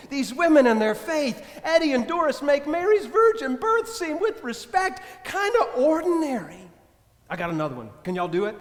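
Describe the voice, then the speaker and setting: A male priest preaching a sermon, telling stories emphatically, repeating refrains and speaking directly to the congregation. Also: very high voice. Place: church. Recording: long church reverb.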